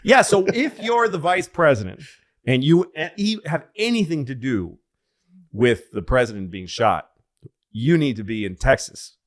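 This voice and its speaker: A man on a comedy podcast telling a long rambling story in casual chat, profane and loose, breaking into loud excited bits. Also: mid-range voice, a little slow. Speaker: podcast co-host.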